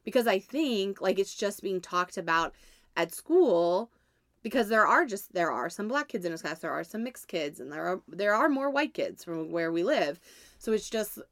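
A woman's voice: medium pitch, lively intonation, normal speed, fairly bright tone, dry recording, studio quality. A woman in her thirties, co-hosting a casual podcast chat and telling a family story in a chatty way, laughing often. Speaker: podcast co-host.

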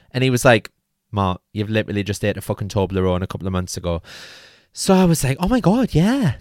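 A man's voice: fairly low pitch, clear, resonant tone, dry recording, clean studio sound. Chatty man telling a funny story. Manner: chatty, swearing, acts out his own panicked quotes. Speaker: podcast host. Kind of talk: comic personal storytelling.

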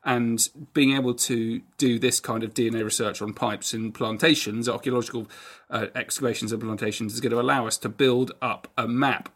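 A man's voice: medium pitch, steady tone, a little fast, fairly bright tone. A man co-hosting a casual chat, explaining with enthusiasm and some restarts. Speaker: podcast co-host.

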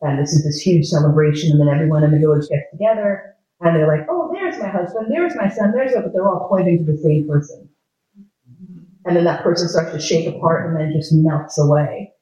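With a warm, steady voice pitched slightly high, a man gives a frank, funny lecture a little fast, swearing casually through personal stories. The sound is dull, lo-fi, roomy and echoey.

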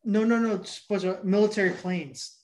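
A man with a fairly high voice tells a movie's plot in loose, rambling chat, full of swearing. He keeps losing his place and jumping back to earlier scenes. The room around him sounds roomy and echoey. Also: a little fast, a little mellow, slight background noise. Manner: rambling, profane, jumps back and forth. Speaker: podcast co-host recapping a movie. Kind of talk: casual chat.

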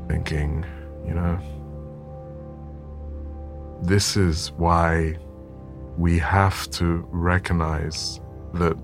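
A man, a photographer telling a story thoughtfully in an interview and often repeating words as he gathers his thoughts. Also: low voice. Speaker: photographer guest.

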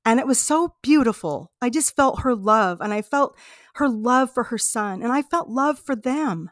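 A woman from the United States hosts a podcast, sharing personal travel stories in an earnest, heartfelt, reflective monologue. Her voice is on the high side and expressive, at a moderate pace, recorded in studio quality with no echo.

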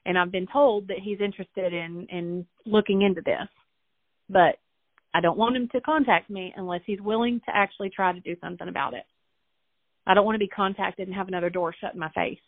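Interview guest: young woman, earnest, halting retelling; thin phone-line audio. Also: mid-range voice, steady tone, dry recording. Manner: earnest, halting, many restarts and fillers. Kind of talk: emotional personal storytelling.

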